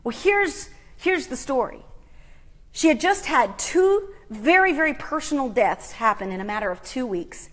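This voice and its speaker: High-voiced woman telling a dramatic story. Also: lively intonation, moderate pace. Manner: dramatic, swings from hushed to loud. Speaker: host. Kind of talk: motivational storytelling.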